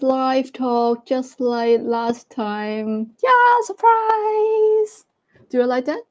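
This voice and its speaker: Woman doing a livestream, super slow, kinda high voice, laughs a lot. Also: dark tone. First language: Cantonese. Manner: slow, halting, laughs often. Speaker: livestream host. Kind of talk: casual live-stream chat.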